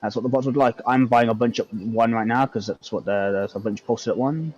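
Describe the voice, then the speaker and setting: Male gamer, mid pitch, rambling filler-heavy chat, muffled lo-fi voice-chat sound. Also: a little fast, a little mellow, faint music behind. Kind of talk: casual gaming chat.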